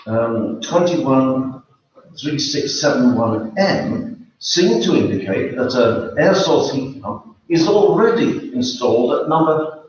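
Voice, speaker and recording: Hesitant man at a council meeting. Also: mid-range voice. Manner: measured, hesitant with frequent fillers. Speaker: member of the public at a council meeting. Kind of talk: formal public comment. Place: town council meeting room. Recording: echoey, dull room recording from far off.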